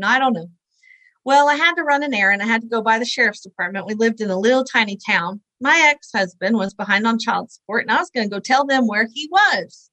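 A woman's voice: on the high side, fast, pushed and bright, no room sound, rough recording. A woman in her forties, a guest in an interview, tells a personal story in an earnest, conversational way and acts out the voices she quotes. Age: 40s.

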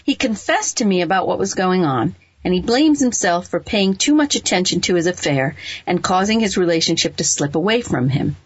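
A woman's voice: lowish voice, expressive, brisk, slightly rough, no room sound. A woman hosting an advice show in a playful, chatty way, laughing at her own rhymes and slips. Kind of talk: casual radio-style advice talk. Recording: dull lo-fi dry sound.

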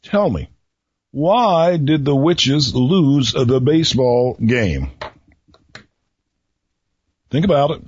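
A male radio host speaks slowly in a husky voice, teasing listeners with riddles in a folksy manner. The recording is dry and somewhat dull, like a small radio studio feed. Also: mid-range voice, animated, a little mellow, no room sound. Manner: slow, folksy, teasing delivery. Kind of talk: solo radio talk with riddles.

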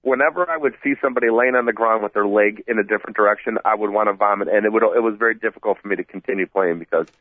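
A man co-hosting a sports talk show by phone, stuffed up, rambling and excitable, often repeating himself. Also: on the low side, rapid-fire, hardly any pauses, no echo. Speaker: sports radio co-host calling in. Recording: tinny phone line, dry.

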